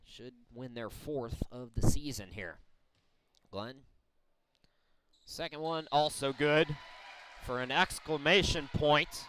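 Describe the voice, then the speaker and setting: A man calling a college women's basketball game play by play, explaining the situation in a measured way between plays. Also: on the high side, bright, forceful tone, clear, resonant tone. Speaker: play-by-play announcer. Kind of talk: sports commentary. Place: college gym broadcast.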